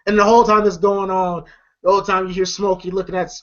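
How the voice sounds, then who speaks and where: A man's voice: high-pitched, little pitch movement, fast. Rambling, profane man reviewing a movie. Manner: rambling, profane, laughs often. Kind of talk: casual commentary. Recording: lo-fi dull audio.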